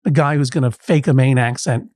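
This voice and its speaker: A man's voice: medium pitch, fairly quick, darkish tone, no room sound, clean studio sound. A man hosting a comic mock courtroom show, wry and playful with rambling asides. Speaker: podcast judge host.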